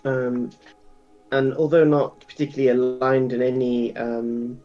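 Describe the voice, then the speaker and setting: A man as game master of a tabletop game, explaining lore with frequent ums and pauses. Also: medium pitch, flat delivery, warm tone, muffled recording, soft background music.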